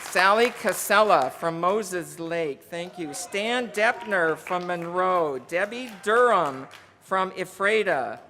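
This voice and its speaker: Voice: medium pitch, animated, slow, bright, forceful tone, soft background music. Speaker in a reverberant hall. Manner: chatty, reading out donor names and counting down. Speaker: union legislative presenter. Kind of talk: conference speech. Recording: long reverb of a large hall.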